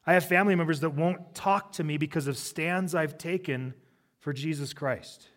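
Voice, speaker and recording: Middle-aged male pastor, conversational sermon with funny asides, slightly high pitch. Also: normal speed. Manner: conversational preaching with humorous asides.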